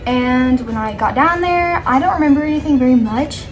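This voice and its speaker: A woman with a high voice tells a casual storytime while doing her makeup. She talks in a chatty, animated way, wanders into asides and laughs often, with faint music playing behind her. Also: moderate pace. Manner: rambling with many asides. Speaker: storytime vlogger.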